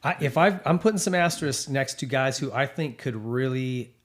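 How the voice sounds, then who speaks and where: A man's voice: medium pitch, moderate pace. A middle-aged man co-hosting a casual racing chat, enthusiastic and rambling, with plenty of fillers. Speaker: podcast co-host.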